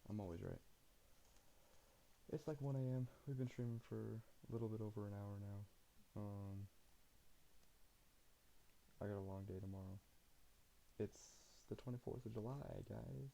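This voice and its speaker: A tired young man from Utah, streaming late at night and chatting casually with viewers in a relaxed, rambling way. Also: on the low side, a little slow, gravelly, long pauses, a little hiss or hum, low-quality recording. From Utah, USA. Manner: relaxed, rambling, laughs often.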